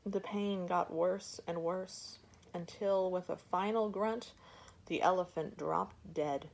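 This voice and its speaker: A woman reading a folk tale aloud for children in a gentle, measured way. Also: fairly low pitch, steady tone, vocal fry. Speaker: storyteller. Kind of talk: storybook reading.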